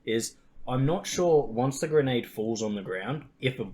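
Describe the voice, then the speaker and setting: A man's voice: mid-range voice, animated, a little slow, darkish tone. A young man hosting a podcast, chatting casually about video games, swearing a lot and acting out what other players say. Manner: profane and jokey, acts out quotes. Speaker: podcast host. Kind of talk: casual chat about gaming.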